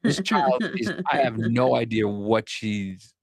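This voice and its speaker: A man's voice: on the low side, sing-song, slow, no echo, studio quality. A man co-hosting a podcast, telling a rambling story in casual chat and swearing often. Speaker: podcast co-host.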